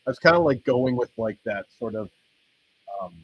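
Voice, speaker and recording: A man's voice: medium pitch, lively intonation, moderate pace, dull audio, a little hiss or hum. A man hosting his own stream, rambling casually with frequent swearing. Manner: rambling, swears and laughs often. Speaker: stream host.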